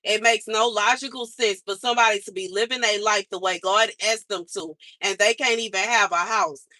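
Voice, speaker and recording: A woman's voice: mid-range voice, fairly even intonation, brisk, bright, forceful tone, dry recording. A woman vlogger venting in an exasperated monologue, repeating herself for emphasis. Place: outside her mother's house.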